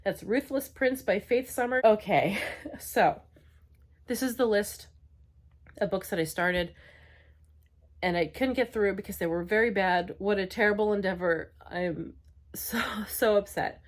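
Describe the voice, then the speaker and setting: A woman's voice: medium pitch, a little slow, long pauses. A young adult woman chatting casually as a book vlogger, frank and exasperated, rambling with lots of filler words. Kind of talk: casual book review chat.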